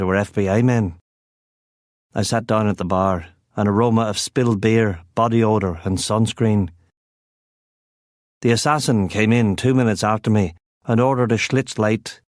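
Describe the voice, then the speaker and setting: A man's voice: lowish voice, normal speed, dry recording. A man narrating a first-person crime novel as an audiobook, with a wry, sardonic delivery on a close studio mic.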